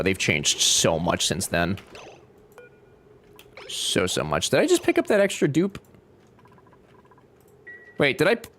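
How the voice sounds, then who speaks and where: A man's voice: lowish voice, a bit bright, a little hiss or hum. A young man chatting casually while streaming a game, joking and reading chat aloud. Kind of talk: casual gameplay livestream chat.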